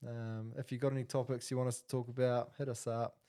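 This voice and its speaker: A man's voice: medium pitch, flat delivery, fast talker, warm tone, clear, resonant tone. A man, co-hosting a casual podcast and telling a story with lots of fillers and restarts. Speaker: podcast co-host.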